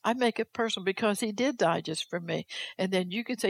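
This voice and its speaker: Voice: mid-range voice, fast, few pauses. A preacher delivering a sermon, speaking straight to the listeners and repeating phrases for emphasis.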